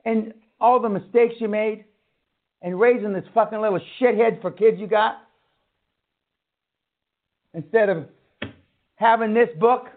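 High-voiced swearing seminar man, tinny. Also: unhurried, long pauses. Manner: blunt, swearing, ranting. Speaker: seminar speaker. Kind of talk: profane motivational lecture. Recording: tinny phone-like sound.

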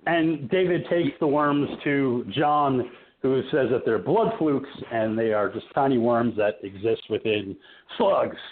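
A man's voice: medium pitch, animated, a little slow. A man co-hosting a casual movie review chat, swearing freely and laughing as he retells scenes. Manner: profane, laughing, retells scenes in silly voices. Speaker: podcast co-host. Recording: tinny phone-like line, faint hiss.

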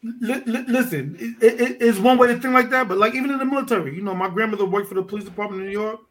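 Detroit guy on a podcast, high voice, swears a lot, acts out the convo. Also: fast. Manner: animated, profane street talk, acts out dialogue. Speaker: podcast guest, underwater photographer. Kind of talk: casual storytelling chat.

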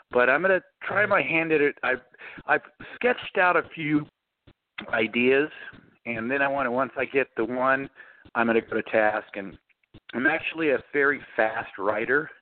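A middle-aged man, a guest author, answering interview questions with lively storytelling and acting out the voices he quotes. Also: mid-range voice, normal speed, no room sound. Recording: dry, tinny phone line.

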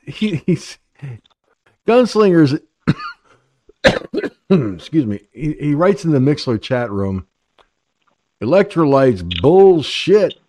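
An older man hosts an online talk radio show, joking and rambling crudely about everyday troubles in a casual call-in chat. His voice is medium in pitch with a dark tone.

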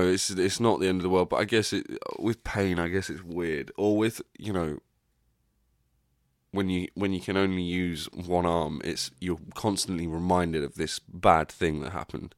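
A man's voice: low voice, steady tone, unhurried, no echo, clean studio sound. A young man hosting a podcast, talking candidly and rambling in a casual reflective monologue, swearing freely. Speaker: podcast host.

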